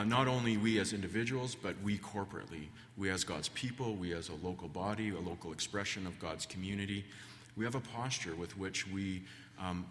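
A man's voice: on the low side, a bit bright. A man preaching a sermon in a church, telling folksy family stories with plenty of ums and restarts. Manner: folksy, rambling, many fillers. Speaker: guest preacher. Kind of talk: sermon with storytelling. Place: church sanctuary. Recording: long church reverb.

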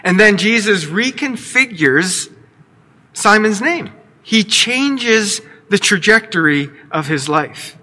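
A man with a high, very bright voice preaches a sermon, slow and measured, telling the story expressively with playful asides. His voice rings out through a long hall reverb, as in a large church sanctuary. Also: animated. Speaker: pastor.

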